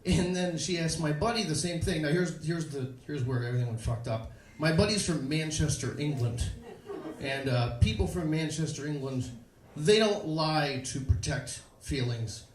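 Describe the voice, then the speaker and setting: A man doing a stand-up set on a club stage, telling stories in a deadpan, self-mocking way. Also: on the high side, moderate pace. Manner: deadpan self-mocking storyteller, jumps into put-on voices. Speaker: stand-up comedian. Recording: echoey club with crowd noise.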